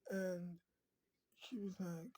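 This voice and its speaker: A woman telling an improvised story in a rambling, halting way with many fillers. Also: on the low side, fairly even intonation, mellow, no echo.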